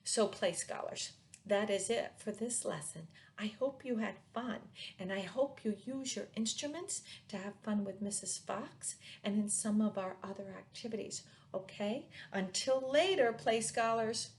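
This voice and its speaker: A woman's voice: mid-range voice, measured pace. A woman teacher reading a picture book aloud to young children, sing-song and playful with the sound words.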